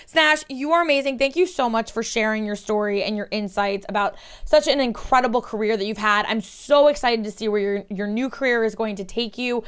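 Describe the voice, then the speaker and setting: A woman's voice: fairly high pitch, a little fast, few pauses, fairly bright tone, clear, resonant tone. A woman podcast host, gushing and effusive in casual interview chat, laughing often.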